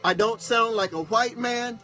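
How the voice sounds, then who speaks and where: His voice extremely high-pitched, bright, and forceful, a Texas pastor and broadcast host tells an unhurried personal story. He stays folksy and casual, asking the audience "okay?" again and again. Soft music plays behind him.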